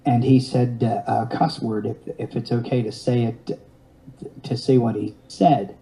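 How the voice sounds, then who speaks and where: Mellow-voiced man in his fifties spinning a yarn. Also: mid-range voice, fairly even intonation, measured pace, gravelly, slight background noise, low-quality recording. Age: 50s. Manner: rambling with restarts and wry self-mocking humor. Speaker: guest telling a personal story. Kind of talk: storytelling in an interview.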